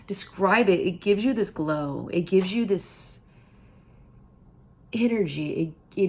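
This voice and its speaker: Gravelly-voiced woman giving earnest encouragement. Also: medium pitch. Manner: earnest, repeats phrases for emphasis, drops to soft whispers. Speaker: self-help vlogger. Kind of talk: heartfelt motivational monologue.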